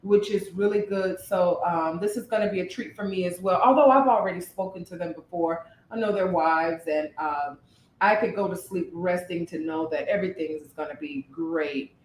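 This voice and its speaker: Animated woman therapist in an echoey room. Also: on the low side, normal speed, a little hiss or hum. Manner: animated, thoughtful, searches for words. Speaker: therapist and podcast co-host. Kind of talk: casual conversational podcast. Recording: roomy echo.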